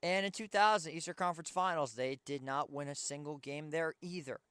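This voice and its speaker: Young guy venting about his team, tired, smooth clear voice, dry close mic. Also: fairly high pitch, brisk, a bit bright, dry recording. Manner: frustrated fan ranting. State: tired, yawning. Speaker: sports show host. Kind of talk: pregame basketball commentary.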